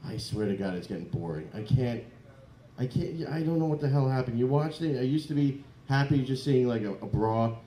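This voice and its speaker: A man doing a crude, rambling stand-up comedy set in a comedy club, breaking into loud mock voices. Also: mid-range voice, lively intonation, fairly quick. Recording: echoey club room.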